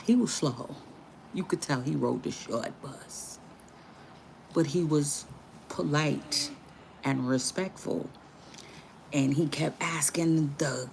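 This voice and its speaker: A woman chats casually, mixing spiritual affirmations with slangy anecdotes. She talks in a lively way, breaks into laughter often, and her voice sits slightly low. A faint noise runs underneath. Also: creaky. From the Bronx, New York.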